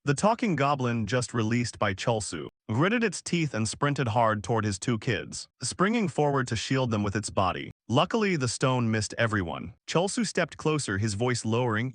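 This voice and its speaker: Male recap narrator, animated scripted storytelling, middle pitch, dry booth. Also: dry recording.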